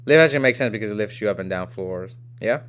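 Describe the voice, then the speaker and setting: A man's voice: fairly low pitch, quick pace, a bit bright. A young man from the United States hosting a live game stream, chatting casually and reading viewer comments aloud in a rambling way. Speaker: livestream host.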